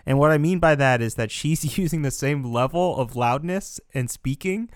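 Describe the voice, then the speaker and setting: Young American man, casual film-podcast co-host, animated ranter, dry close mic. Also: a little high, normal speed, no room sound. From United States. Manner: animated, ranting, swears and laughs often.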